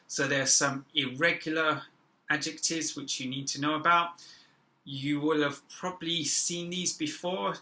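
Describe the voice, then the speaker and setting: Man, English teacher, deliberate lesson delivery, very bright tone, slightly high voice. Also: low-quality recording. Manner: slow, deliberate, stressing example words. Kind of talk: classroom-style grammar lesson.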